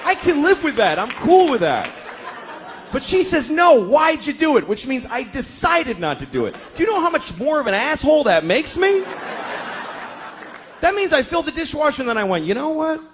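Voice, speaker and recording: A man performing stand-up on a club stage, his voice swinging widely and high in pitch. He tells profane, exaggerated stories in an animated way. Audience noise fills the live recording. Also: moderate pace, crowd noise. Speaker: stand-up comedian. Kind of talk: stand-up comedy routine.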